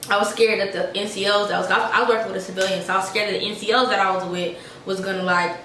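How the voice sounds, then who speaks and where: A woman's voice: medium pitch, very fast, far from the mic. Chatty woman in an echoey room. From Georgia, USA. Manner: chatty, animated, addresses viewers as y'all. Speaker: army soldier. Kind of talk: casual storytime vlog. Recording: echoey room, voice a bit off-mic, faint noise.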